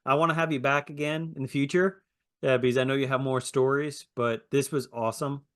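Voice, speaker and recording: A man's voice: mid-range voice, fairly even intonation, fairly quick, a bit bright. A man hosting a podcast, thanking his guest and giving short encouraging replies. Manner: brief, encouraging backchannels. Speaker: podcast host. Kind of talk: casual interview.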